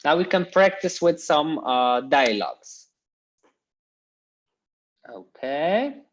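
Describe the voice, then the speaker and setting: Guy teaching a casual language class, slow and a bit hesitant, muffled lo-fi sound. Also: on the high side, lively intonation. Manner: slow, repeats Dutch phrases for learners, hesitant fillers. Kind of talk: informal language lesson.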